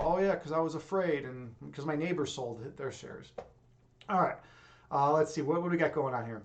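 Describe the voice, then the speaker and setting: Casual livestream host, young American man, high-energy and fast, profane, full of fillers and restarts. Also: lively intonation. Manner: intense, rapid, rambling with many fillers and profanity. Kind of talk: casual livestream chat reading viewer comments.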